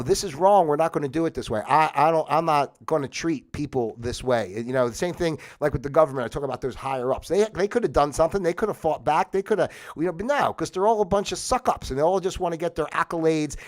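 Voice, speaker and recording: A man hosts his own livestream in a heated, rambling monologue, swearing freely as he goes. His voice sits a little high for a man. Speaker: livestream host.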